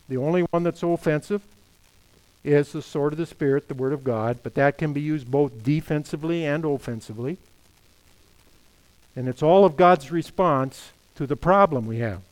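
Man, middle-aged pastor, sermon, emphatic, rhetorical questions, slightly high voice. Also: a little mellow, low-quality recording.

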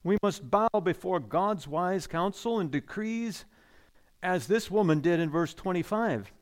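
A man with a high-pitched voice preaching a sermon. He leans hard on key words and repeats them for weight. Then he lets phrase endings fall low and soft. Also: animated, measured pace.

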